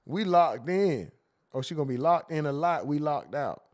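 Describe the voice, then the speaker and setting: A man hosts a casual livestream, reading viewers' comments aloud. His voice sits high and he jokes loosely with the chat. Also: moderate pace. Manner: animated, laughing, reads chat comments aloud in a joking tone.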